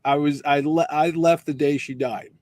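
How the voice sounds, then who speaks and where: Jokey co-host guy, kinda high voice, dry sound, acts out his stories. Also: steady tone, normal speed, darkish tone, no echo. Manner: jokey, acts out quoted exchanges. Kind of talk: casual chat.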